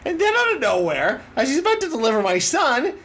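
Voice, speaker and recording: A young man hosting a casual chat, telling a story in an animated way with frequent laughter. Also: very high voice, a little fast, breathy edge.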